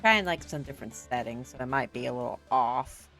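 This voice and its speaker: A woman's voice: extremely low pitch, expressive, fairly quick, a bit bright, soft background music. A young woman streaming a game, chatting casually and gushing as a fan. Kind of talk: casual gameplay chat.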